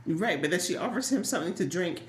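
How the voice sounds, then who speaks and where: Woman co-host, lowish voice, chatty recapper, roomy echoey sound. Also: animated, fast talker, slight background noise. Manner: chatty, recaps scenes, laughs easily. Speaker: podcast co-host. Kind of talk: casual chat about a soap opera.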